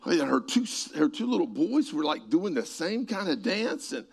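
A man preaching a sermon, telling stories with asides to people in the room and swinging from hushed tones to shouts. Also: a little high, big pitch swings, normal speed, vocal fry, husky.

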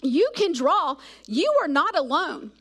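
A middle-aged woman from South Georgia, preaching a sermon full of animated personal stories. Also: high voice, slow pace. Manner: animated storytelling, acts out voices of herself and kids.

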